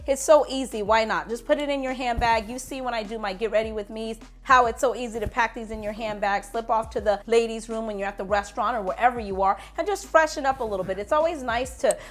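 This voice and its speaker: A woman vlogger chatting through a casual fragrance review, animated and playful, jumping from loud exclamations to low asides. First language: English.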